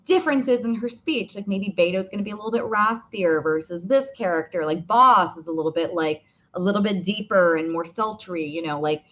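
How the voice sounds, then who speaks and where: A woman voice actor talking casually in an interview, chatty with many fillers and restarts, with a slightly rough morning voice. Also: mid-range voice, fairly quick, hardly any pauses, a bit bright, lo-fi sound. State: morning voice, clearing throat. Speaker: voice actor guest.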